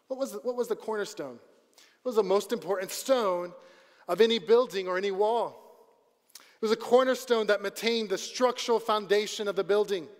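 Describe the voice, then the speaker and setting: A man preaching a sermon, asking his listeners questions and slowing down to a quiet voice to stress key points. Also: high-pitched. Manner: asks the congregation questions, slows and quiets for emphasis. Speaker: pastor. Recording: long hall reverb.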